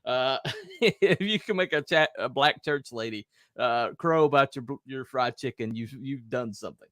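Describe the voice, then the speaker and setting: A man hosting a casual chat, telling a story in a lively way, acting out quotes in raised voices and laughing often. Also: mid-range voice, moderate pace, dry recording, clean studio sound. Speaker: host.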